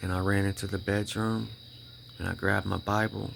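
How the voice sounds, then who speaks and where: A man's voice: on the low side, level tone, creaky, a bit bright, a little hiss or hum. A man telling his personal faith story in a casual, emphatic way. He repeats himself, restarts his sentences and keeps checking in with "right?" and "you know?". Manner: halting restarts when emotional. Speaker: vlogger sharing a personal faith testimony. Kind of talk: casual spoken testimony.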